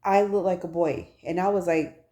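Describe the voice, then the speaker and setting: A woman's voice: on the low side, fairly even intonation, moderate pace, dark tone. A woman in her thirties talking casually and candidly to her viewers in a personal vlog, recorded on a phone. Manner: chatty, candid storytelling to viewers. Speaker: vlogger.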